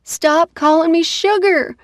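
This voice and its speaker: A woman's voice: on the high side, very animated, no room sound, clean studio sound, pitched above the performer's own voice. A woman voicing an anxious, emotional young woman. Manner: emotional, quick to shout.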